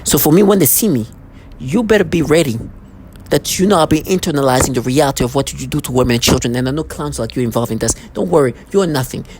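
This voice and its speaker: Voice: mid-range voice, fast talker, darkish tone, a little hiss or hum, rough recording. A vlogger in an angry, threatening monologue who often repeats and restarts words.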